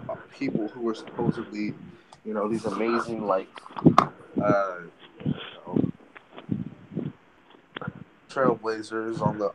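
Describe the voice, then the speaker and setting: A man's voice: on the low side, heavy background noise. Rambling man in casual podcast chat. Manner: rambling, filler-heavy, swearing. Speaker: podcast co-host.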